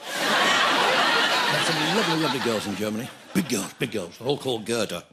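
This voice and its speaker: A man's voice: mid-range voice, sing-song, moderate pace, heavy background noise. An older man performing a stage comedy routine, punning, giggling at his own jokes and bursting into song. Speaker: stand-up comedian. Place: theatre stage before an audience.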